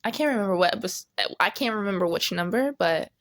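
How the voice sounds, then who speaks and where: A young woman telling a casual storytime as a vlogger, chatty and animated, laughing often as she talks. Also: mid-range voice, quick pace.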